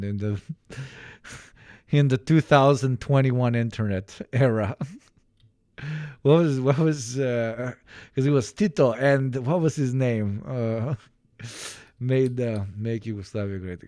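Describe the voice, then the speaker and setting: A man riffs through a casual livestream reaction, sarcastic and quick to break into laughter. His voice sits at an ordinary middle pitch. The sound is dry and close, with no room around it. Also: dark tone, no room sound. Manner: joking, sarcastic, breaks into laughter, restarts sentences. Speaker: streamer reacting to online posts.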